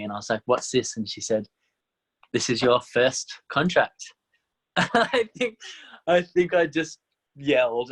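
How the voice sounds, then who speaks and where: Animated young man, laughing easily. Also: mid-range voice. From Australia (Tasmania). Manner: animated, laughs often, quick bright laugh. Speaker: musical theatre actor, guest. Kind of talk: casual interview chat.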